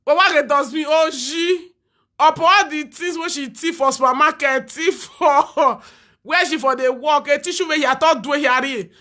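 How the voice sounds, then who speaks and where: A woman speaking Nigerian Pidgin English, mocking and taunting in a loud, laughing, sing-song rant. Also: sits high, fairly even intonation, normal speed. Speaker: social media commentator. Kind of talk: mocking live-stream rant.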